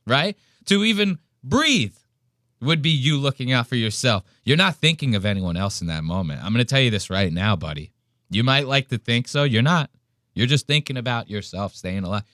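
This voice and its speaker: A man hosting a podcast, mocking a clip with profane, animated reaction commentary. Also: mid-range voice, no echo, clean studio sound. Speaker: podcast host.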